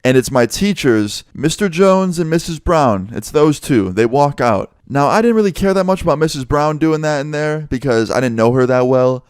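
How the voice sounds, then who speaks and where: A man telling a story from his school days in a casual, animated and profane way. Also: a little high, normal speed, few pauses, clear, resonant tone, dry recording, studio quality.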